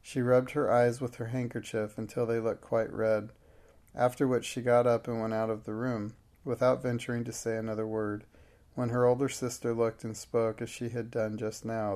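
A male audiobook narrator reads a classic novel aloud in scripted narration. His medium-pitched voice stays steady and measured throughout.

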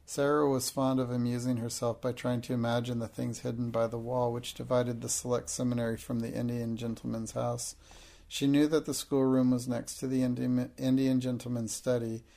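Male audiobook narrator, gravelly, flat delivery, measured. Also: mid-range voice. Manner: steady, measured storytelling. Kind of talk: audiobook reading.

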